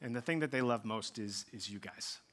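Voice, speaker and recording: A man's voice: medium pitch, brisk, a bit bright. A pastor in his thirties preaching a sermon, telling stories in a casual, self-deprecating way with plenty of ums and likes. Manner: conversational storytelling with self-deprecating humor; casual fillers like um and like.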